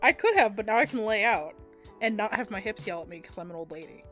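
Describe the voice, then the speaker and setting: A woman's voice: medium pitch, lively intonation, fast, a bit bright, soft background music. A woman co-hosting a podcast, teasing her friends and laughing in casual chat. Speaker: podcast co-host.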